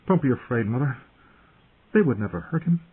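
A man plays an earnest young lord in an audiobook, his voice lifted a little above the narrator's own. The tone is husky and the recording is tinny, as if heard over a phone. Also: medium pitch, big pitch swings, a little fast, voice pushed up. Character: young male lord, earnest protective son.

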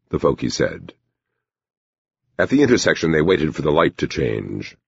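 A man narrating a novel in a measured storytelling manner. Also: very deep voice, sing-song, vocal fry, husky, dry recording. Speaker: audiobook narrator. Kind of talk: scripted narration. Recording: dull lo-fi recording.

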